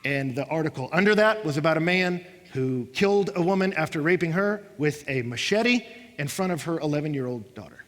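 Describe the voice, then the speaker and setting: A man's voice: fairly high pitch, expressive, brisk. A man preaching a sermon, acting out what his listeners say, with rising and falling intensity. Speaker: pastor. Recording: long hall reverb.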